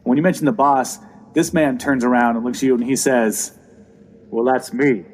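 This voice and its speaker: A man narrating a tabletop game as dungeon master, describing scenes with fillers and pauses. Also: low-quality recording. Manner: describes scenes with fillers, drops to a low voice for villains.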